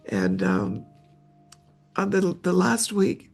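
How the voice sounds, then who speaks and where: An older woman, a memoir author and interview guest, telling a personal story in a halting way, repeating words as she gets tearful. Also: fairly low pitch, sing-song, vocal fry, darkish tone, faint music behind.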